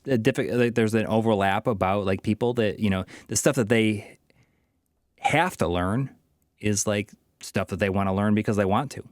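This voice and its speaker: Low-voiced tipsy man musing rambly. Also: normal speed, no echo, studio quality. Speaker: podcast co-host. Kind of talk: casual chat.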